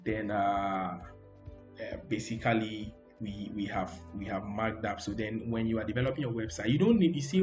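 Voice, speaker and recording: A man teaching a coding tutorial over a screen recording, talking loosely and repeating "okay, so" between steps. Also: mid-range voice. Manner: loose, repetitive, frequent "okay, so". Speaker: coding instructor. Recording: roomy echo.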